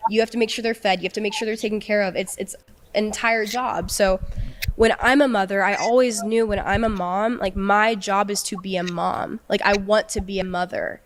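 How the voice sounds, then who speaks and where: A young woman recounts a painful personal story in a halting way. She stumbles and repeats her words as she restarts her thoughts, at an ordinary pitch for a woman. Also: fairly even intonation, slight background noise. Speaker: guest telling her story.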